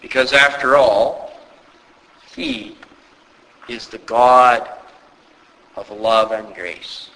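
Slow, bright-voiced male preacher. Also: mid-range voice, big pitch swings. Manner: earnest, emphatic preaching with rhetorical questions. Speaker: pastor. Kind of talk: sermon. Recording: echoey hall with long reverb.

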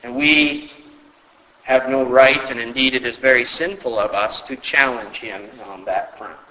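Slow-talking guy preaching, very bright sharp voice, big echoey church hall. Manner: rhetorical questions, emphatic rises in pitch. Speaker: pastor. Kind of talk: sermon.

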